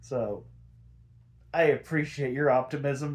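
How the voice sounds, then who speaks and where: Young man, slightly higher voice, casual rambling recap, profane, animated. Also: unhurried. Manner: rambling, profane, animated retelling with acted quotes. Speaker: podcast host.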